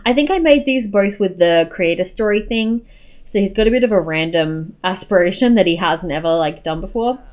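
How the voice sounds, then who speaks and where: A woman's voice: medium pitch, darkish tone. Chatty young woman gushing over a game. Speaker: gaming YouTuber. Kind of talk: casual gameplay commentary.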